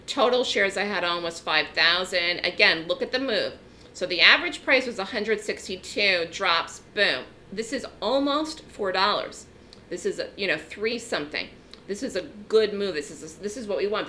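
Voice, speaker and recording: A woman's voice: on the low side, pushed and bright, slight background noise. A woman teaching a trading lesson in an emphatic, direct way, often checking in with her listeners. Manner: emphatic, direct, frequent "okay?" check-ins. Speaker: trading educator. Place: trading room webinar.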